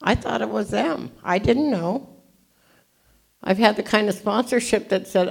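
A woman in her seventies from California gives an animated, jokey, self-deprecating storytelling talk as a recovery meeting speaker. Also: medium pitch, measured pace, vocal fry, breathy edge. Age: 70s.

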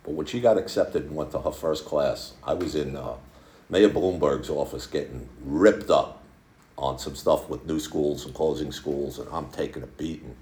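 A man in his sixties with a deep, low voice tells his story to a recovery group in a candid, plainspoken way, often stopping to restart a phrase. The sound carries a noticeable room echo. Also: moderate pace, darkish tone. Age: 60s. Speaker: speaker at a recovery meeting. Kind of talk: personal testimony to a group. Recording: echoey room.

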